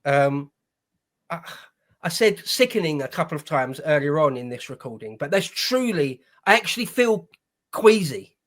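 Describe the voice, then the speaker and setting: A man hosting casual political commentary, heated and indignant, swearing as he vents. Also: sits high.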